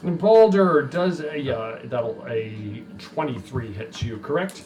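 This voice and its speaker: A man acting as game master, narrating a tabletop game on a live stream with brisk rules talk and playful sound effects. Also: mid-range voice, animated, over music.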